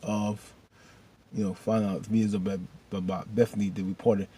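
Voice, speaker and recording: A man casually recapping a TV episode, rambling and animated with loose slang. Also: lowish voice, a little fast, husky. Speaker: video host recapping a TV episode.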